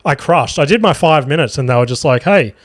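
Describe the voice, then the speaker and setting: A man with a slightly high voice talks quickly and chattily on his podcast, where the stand-up comedian rambles through profane stories, laughing and using lots of fillers. The studio-quality audio has no echo.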